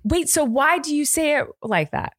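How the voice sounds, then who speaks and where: Lively, teasing woman podcaster. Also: sits high, normal speed, no echo, studio quality. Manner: animated, teasing, exclaiming. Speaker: podcast co-host. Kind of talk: casual chat.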